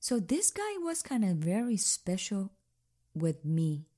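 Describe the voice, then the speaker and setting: A woman recounting a personal ordeal in earnest, halting non-native English, often restarting her sentences. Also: mid-range voice, very animated, mellow. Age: adult. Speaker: kidnapping survivor telling her story. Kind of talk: personal testimony.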